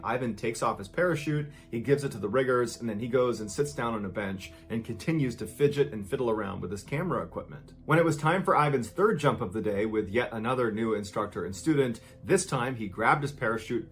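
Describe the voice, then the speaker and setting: A man tells true stories in vivid, dramatic narration. His voice sits at an ordinary middle pitch. He delivers the stories as scripted narration. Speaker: storyteller.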